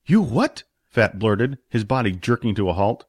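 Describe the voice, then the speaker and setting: A man's voice: lowish voice, normal speed, husky, no room sound, studio quality. A man narrating a fantasy story expressively, voicing its characters. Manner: expressive, puts on character voices. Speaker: audiobook narrator.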